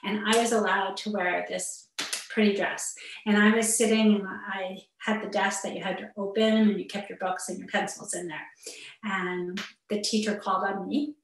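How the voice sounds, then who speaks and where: A woman's voice: medium pitch, flat delivery, normal speed. Echoey distant woman giving a talk. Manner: earnest and personal, with muttered asides. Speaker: therapist giving a parenting webinar. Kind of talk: online talk to parents. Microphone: video call. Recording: echoey room, far from the mic.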